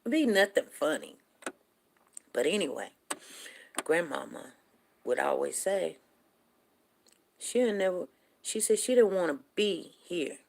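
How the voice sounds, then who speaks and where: A woman's voice: fairly low pitch, expressive, measured pace, gravelly, long pauses, a little hiss or hum. A woman hosting a show, telling rambling folksy stories. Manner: rambling, folksy, with many restarts. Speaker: show host. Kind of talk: casual storytelling monologue.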